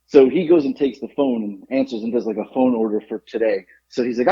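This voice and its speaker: A podcast co-host talks fast in a medium-pitched voice with a breathy edge, heard through lo-fi sound. Chatting casually, he animatedly tells a story and gives voice to the people in it.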